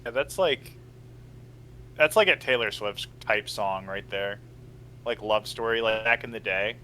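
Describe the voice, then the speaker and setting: A man's voice: lowish voice, unhurried, bright, forceful tone, a little hiss or hum, rough recording. A man co-hosting a podcast who answers in short, dry quips during casual chat. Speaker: podcast co-host.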